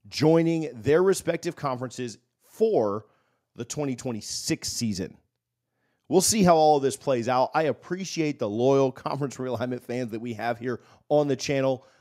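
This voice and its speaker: A man's voice: mid-range voice, a little mellow. A man with an ordinary mid-range voice delivers a scripted commentary monologue as a channel host. He sounds confident and emphatic.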